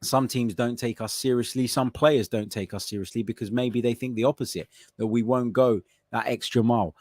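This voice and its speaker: A young man makes his case on a solo football podcast, piling up rhetorical questions in an earnest, argumentative tone. His voice sits at an ordinary middle pitch. The close mic gives a dry, dead sound with no room around it. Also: fairly even intonation, brisk, a little mellow, no room sound. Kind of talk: solo opinion talk.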